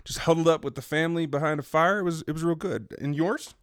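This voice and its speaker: A man with an American accent, a podcast guest in casual chat, easygoing and quick to laugh. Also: on the high side, clear, resonant tone, no echo, clean studio sound. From United States.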